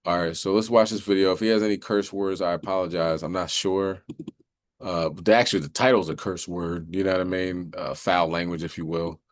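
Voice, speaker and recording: Man preaching, halting and drawn-out. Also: low-pitched, steady tone, no echo, clean studio sound. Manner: loose and halting, with many fillers and slow, drawn-out scripture reading. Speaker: religious commentator host. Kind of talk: preachy video commentary with scripture reading.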